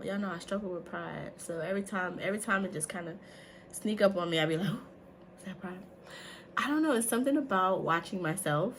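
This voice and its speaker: A woman in her thirties vlogging to camera in a chatty, animated way, with many asides to her viewers. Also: lowish voice, a little hiss or hum. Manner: chatty, animated, says "y'all" and "like" often. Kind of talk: casual talk to camera.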